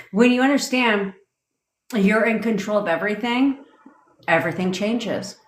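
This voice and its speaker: A woman coach ranting on a livestream, blunt and loud-mouthed with plenty of swearing. She talks back to viewer comments as she goes. Her mid-range voice carries a roomy echo from the room around her. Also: mid-range voice. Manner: blunt, profane, fired-up; reads and answers viewer comments. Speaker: manifestation coach. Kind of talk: livestream rant. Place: home desk. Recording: roomy, echoey room sound.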